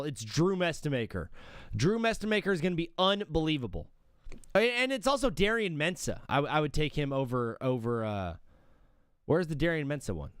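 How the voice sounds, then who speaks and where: A man's voice: a little high, a bit bright, clear, resonant tone, no echo, studio quality. A young man hosting a live sports show, rambling casually and interrupting himself as he ranks teams. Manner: rambling, self-interrupting, talks to himself while working. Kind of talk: casual live-stream commentary.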